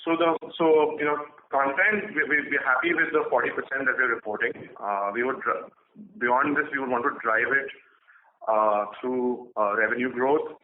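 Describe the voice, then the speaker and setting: A company executive on an earnings conference call, answering analysts in a measured way, with frequent fillers and restarts. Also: male voice, mid-range voice, steady tone, a little hiss or hum. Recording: echoey tinny phone line.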